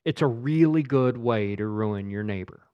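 A man's voice: mid-range voice, normal speed, clean tone, dull audio. A man preaching a sermon as pastor, speaking emphatically and often repeating words as he presses a point.

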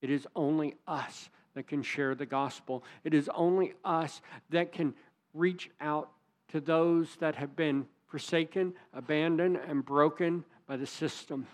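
A man preaching a sermon as pastor, earnest and emphatic, leaning hard on key words. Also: a little high.

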